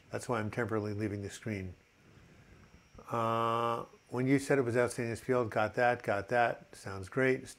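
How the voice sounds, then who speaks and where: Chatty older man hosting a live chat. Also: mid-range voice. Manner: chatty and upbeat, reads viewer comments aloud, many fillers. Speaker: host of a mental health live chat. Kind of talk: casual live-stream chat with viewers.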